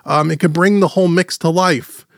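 Male podcast host, slightly high voice, chatty explainer, dry close studio mic. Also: steady tone, vocal fry, no room sound. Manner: chatty, explanatory, slows down to stress points. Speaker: podcast host teaching audio mixing. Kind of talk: casual podcast teaching. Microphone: studio microphone through gentle compression.

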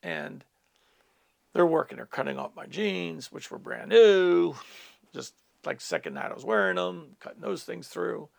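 Gravelly, lively middle-aged male pastor. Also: fairly high pitch, a little slow. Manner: earnest storytelling with asides to listeners. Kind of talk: personal testimony in a teaching talk.

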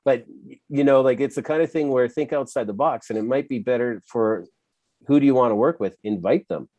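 A man's voice: medium pitch, fairly quick, a little mellow, no echo, muffled recording. A man hosting a podcast over a video call, telling anecdotes in a loose, filler-heavy way. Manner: chatty anecdotes, filler-heavy, laughs easily. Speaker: podcast host. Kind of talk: casual conversational interview.

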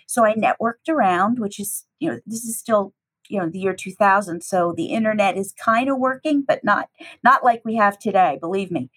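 A woman's voice: normal speed, slightly rough, poor audio. A middle-aged woman from the United States, a teacher, telling a personal story with animation and acting out the dialogue. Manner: lively, acts out dialogue with shifting pitch.

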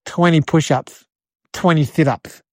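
A woman's voice: low voice, measured pace, a little mellow, dry recording, studio quality. A woman voicing a tubby little chicken who rules a farm, barking curt, menacing commands. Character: small tubby bossy male chicken.

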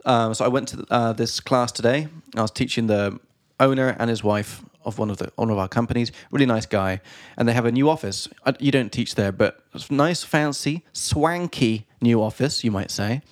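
A chatty man hosts a relaxed podcast, pausing to explain English expressions to his listeners. His voice sits at an ordinary middle pitch. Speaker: podcast host and English teacher. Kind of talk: casual podcast chat. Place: studio.

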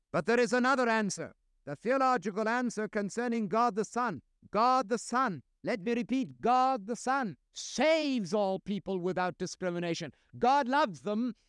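Male preacher, high clear voice, impassioned sermon delivery with repetition. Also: fairly bright tone, dry recording, studio quality. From grew up outside his audience's country. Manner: impassioned preaching with strong rises and falls; repeats phrases for emphasis. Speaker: pastor. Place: church sanctuary.

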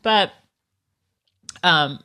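A woman with a Southern accent chats about faith in an earnest, reflective way, often pausing and restarting. Her voice is lowish and bright, with a forceful edge. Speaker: podcast co-host. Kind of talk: casual faith chat.

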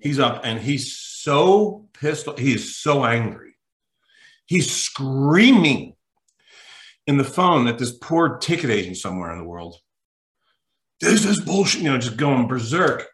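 Bright-voiced man telling a lively story. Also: medium pitch, unhurried, roomy sound. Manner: lively, emphatic, acts out quotes. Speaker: mental toughness coach, podcast guest. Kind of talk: animated anecdotal storytelling.

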